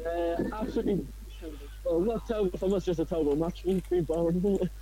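A man reporting on a football match over a mobile phone from a windy ground, speaking in a flat, laconic, hesitant way. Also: high-pitched, quick pace, husky. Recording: windy phone call with faint noise.

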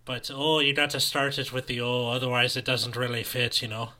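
A man's voice: mid-range voice, steady tone, a little fast, bright, forceful tone. A man co-hosting a comedy podcast, chatting easily and dropping dry quips. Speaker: podcast co-host. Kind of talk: casual comedy chat.

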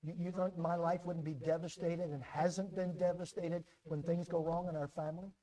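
A middle-aged American man, a pastor preaching a sermon, who repeats words and swings between loud and quiet for emphasis. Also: on the high side, little pitch movement, normal speed.

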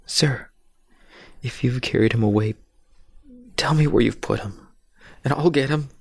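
A man voicing a desperate, grieving woman disciple in a dramatic scripture retelling, pleading in a raised, higher voice. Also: unhurried, gravelly, husky, no room sound.

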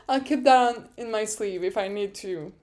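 A young woman whose first language is French, hosting a casual solo chat, excitable and laughing often as she rambles. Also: mid-range voice, measured pace. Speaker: podcast host.

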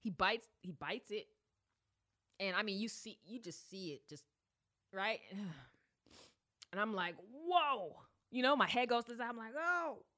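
Animated, bright-voiced woman telling a story. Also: a little high, unhurried, long pauses. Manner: animated, slangy, acts out voices. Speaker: podcast host. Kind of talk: casual storytelling.

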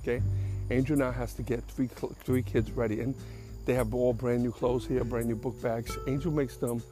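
A man's voice: medium pitch, fairly even intonation, moderate pace, warm tone, faint music behind. Blunt older New man. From the Bronx, New York. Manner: blunt, streetwise and profane, with chuckles. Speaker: podcast host. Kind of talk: casual storytelling monologue.

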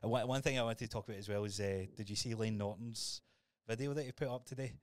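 A Scottish man co-hosting a podcast, telling stories in a lively way and swearing freely in casual chat. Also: lowish voice, quick pace. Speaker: podcast co-host.

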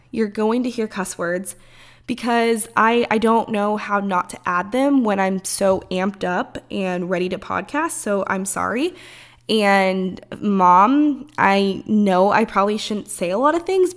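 A young woman in her early twenties hosts a loose, unscripted podcast. She rambles casually, wanders off track and swears freely in her talk. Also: mid-range voice. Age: early 20s. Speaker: podcast host.

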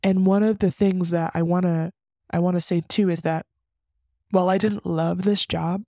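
A woman's voice: on the low side, fairly even intonation, moderate pace, mellow, no room sound. A young woman hosting a faith podcast, sharing an unscripted personal reflection in an earnest, rambling way with frequent restarts.

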